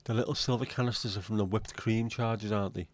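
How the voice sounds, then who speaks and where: A man's voice: on the low side, steady tone, fast talker, no echo. A man hosting a livestream, chatting casually and rambling from one joke to the next as he addresses his viewers. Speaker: livestream host.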